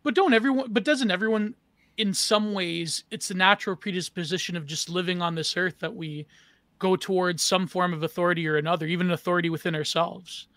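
Bright high-voiced rambling man. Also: brisk, no echo. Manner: rambling, searching for words, swears. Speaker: co-host. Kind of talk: casual podcast discussion.

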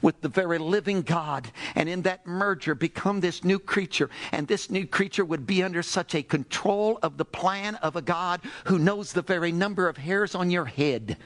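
A man preaching a sermon in an animated, exclamatory way, firing off rhetorical questions and sighing "oh, brother" asides. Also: high voice, moderate pace, few pauses.

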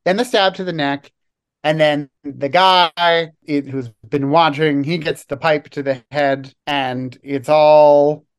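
A podcast co-host giving casual, wry analysis of a TV episode, sometimes slowing down to weigh each word. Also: mid-range voice, steady tone, clean tone.

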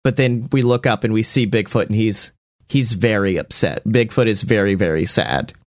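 A man's voice: fairly low pitch, moderate pace, darkish tone, no room sound, clean studio sound. A man narrating as game master in a casual, rambling way, often laughing.

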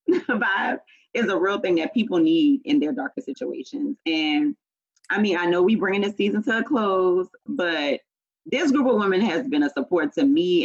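A woman hosts a casual podcast chat, her voice lively and a little husky. The audio is slightly dull. She talks in an animated, chatty way. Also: fairly low pitch. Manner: animated, wraps up the episode. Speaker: podcast host.

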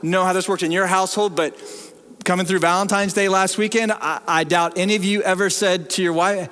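A middle-aged man preaching a sermon as pastor, telling stories in an animated, humorous way. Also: high-pitched, brisk. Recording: long reverb of a large hall.

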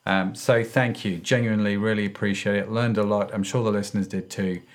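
A man's voice: on the low side, steady tone, brisk. A male podcast host who wraps up a casual interview in an upbeat, effusive way and laughs easily.

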